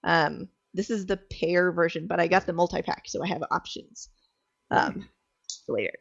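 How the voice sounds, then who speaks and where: A woman from Colorado chats cheerfully as a podcast guest. Her voice has a gravelly fry to it. The audio comes through dull and lo-fi. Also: on the low side, steady tone, normal speed. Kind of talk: casual chat.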